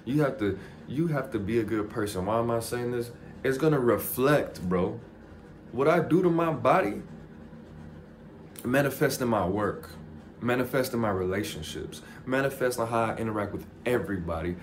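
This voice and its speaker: A man vlogging a casual motivational monologue, animated and jokey, swearing freely and poking fun at himself. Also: mid-range voice, normal speed, a little hiss or hum.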